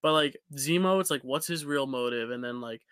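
A man's voice: medium pitch, fairly quick, a bit bright, clear, resonant tone, dry recording, studio quality. A man co-hosting a podcast, talking in a laid-back way with lots of "like" and easy laughs. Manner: laid-back, says "like" often, laughs easily. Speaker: podcast co-host. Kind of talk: casual podcast chat.

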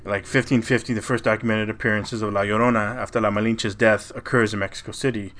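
A man's voice: on the low side, fairly even intonation, quick pace, a bit bright, a little hiss or hum. A man co-hosting a podcast, casually retelling a legend in a loose, profane way, with frequent "you know" and "like". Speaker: podcast co-host. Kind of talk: casual storytelling chat.

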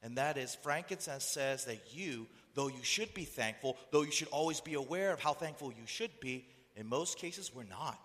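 A man's voice: medium pitch, animated, moderate pace, few pauses, fairly bright tone. A man preaching a sermon who keeps asking the listeners rhetorical questions. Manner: rhetorical questions, acts out voices. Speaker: pastor. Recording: echoey hall reverb.

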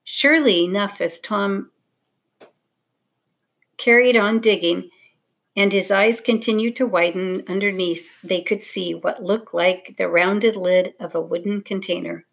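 A woman narrating a children's storybook in a steady, expressive reading voice. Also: medium pitch, a little slow, creaky.

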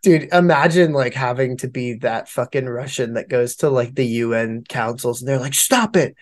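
A man's voice: medium pitch, fairly even intonation, moderate pace. A man co-hosting a podcast in casual, profane banter, laughing often as he talks. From United States. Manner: laughs often, swears freely. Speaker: podcast co-host.

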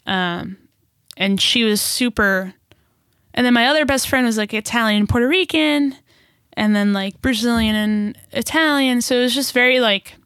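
A young woman in casual conversation, telling stories in an animated way, swearing freely and laughing often. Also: a little high, no room sound, studio quality. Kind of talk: casual chat.

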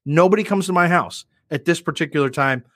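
A man hosting a podcast, telling a story in an animated, profane, self-mocking way. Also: fairly high pitch, brisk, no echo, clean studio sound. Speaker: podcast and radio host. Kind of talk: casual chat, storytelling.

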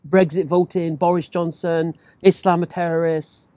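A man telling a personal story in casual chat, animated and acting out the voices of others. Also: on the high side, moderate pace, dry recording. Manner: animated, acts out quoted voices, laughs while talking.

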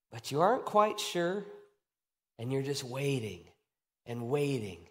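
A man preaching a sermon, retelling a story with animated, acted-out excitement. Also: mid-range voice, slow pace, long pauses. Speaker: pastor.

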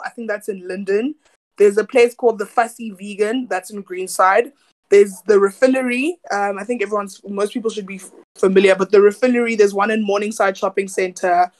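A woman's voice: mid-range voice, fairly even intonation, brisk, darkish tone. A woman from South Africa co-hosting a podcast in a casual, chatty way, laughing and dropping slang. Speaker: podcast co-host. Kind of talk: casual chat.

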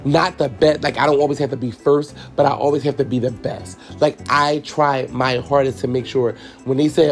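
A podcast host with a mid-range, fairly even voice talks at a moderate pace with few pauses, faint music behind him. He tells his listeners a personal story candidly and profanely, repeating himself, calling them y'all, and growing tearful as he goes.

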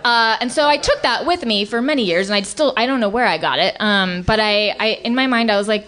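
A woman's voice: fairly high pitch, a little fast, hardly any pauses, a bit bright. A woman telling a confessional comic story on a live stage show, rambling with lots of "like" and restarts. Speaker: storyteller on a live comedy podcast.

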